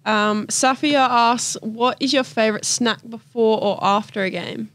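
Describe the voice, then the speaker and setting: A woman's voice: on the high side, measured pace, a bit bright. A woman hosting a podcast, reading out fan questions in a matter-of-fact way.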